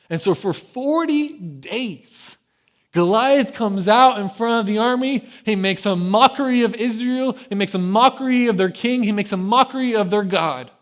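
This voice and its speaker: A man preaching a sermon in a casual, conversational way. He keeps checking in with the crowd with "right?" and acts out the voices in his story. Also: high-pitched. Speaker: pastor.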